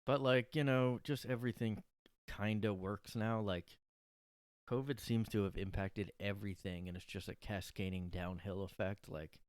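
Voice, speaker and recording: A man's voice: fairly low pitch, steady tone, moderate pace, smooth, no room sound, clean studio sound. A man hosting a solo podcast from his room, rambling and sarcastic with lots of fillers. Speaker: podcast host. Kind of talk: casual solo monologue.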